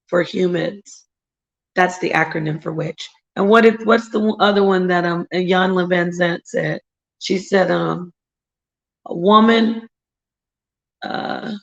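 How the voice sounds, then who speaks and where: Woman, livestream host, rambling and emphatic, husky slow delivery. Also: mid-range voice, a bit bright, low-quality recording. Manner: rambling, emphatic, greets viewers by name. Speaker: livestream host reading viewer chat. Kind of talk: casual livestream chat.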